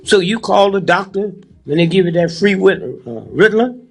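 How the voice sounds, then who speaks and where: A man's voice: high-pitched, expressive, moderate pace, husky. A man in his eighties talking to a live audience in a preachy, joking way, keeps prodding the crowd with "huh?" and "hmm?". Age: 80s. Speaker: speaker addressing a live audience.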